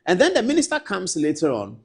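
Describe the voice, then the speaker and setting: Ghanaian male anchor, husky, animated pitch, indignant studio commentary. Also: fast. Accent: Ghanaian English. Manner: indignant, rhetorical questions, swings between loud and hushed. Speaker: TV news anchor.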